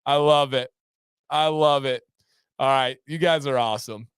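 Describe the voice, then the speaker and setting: A man's voice: medium pitch, fairly even intonation, a little slow, clear, resonant tone, dry recording, studio quality. A man hosting a casual livestream, reading out chat comments in an upbeat, playful way. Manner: upbeat, reads chat aloud and breaks into playful raps. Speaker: livestream host.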